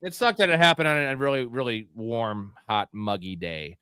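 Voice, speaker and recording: A man's voice: medium pitch, moderate pace, a crowd in the background. A young man co-hosting a live sports stream, telling crude stories in a rambling way with lots of fillers. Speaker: co-host. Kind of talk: casual live-stream chat.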